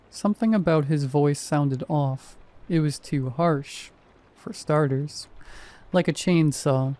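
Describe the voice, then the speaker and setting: A man in his thirties reading a first-person horror story in a measured, wry, deadpan way. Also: fairly high pitch. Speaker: narrator.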